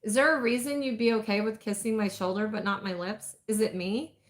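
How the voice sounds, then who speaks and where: An anxious young woman in a romance story speaks breathily and hesitantly, as a woman narrator reads her. The pitch sits in the middle range. The voice stays close to the narrator's own. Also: fairly even intonation, brisk, close to an everyday voice. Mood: insecure. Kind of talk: audiobook romance reading.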